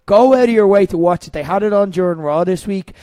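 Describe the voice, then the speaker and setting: A man's voice: sits high, fast, warm tone, no room sound. A man hosting a casual wrestling podcast, rambling with lots of fillers and the odd swear. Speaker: podcast host.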